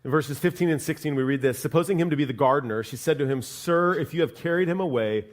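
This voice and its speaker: A man's voice: on the high side, fast talker. A man preaching a sermon as lead pastor in a church, talking in a loose, conversational way and often checking in with "right?". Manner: conversational, repeats "right?" and starts words twice. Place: church sanctuary.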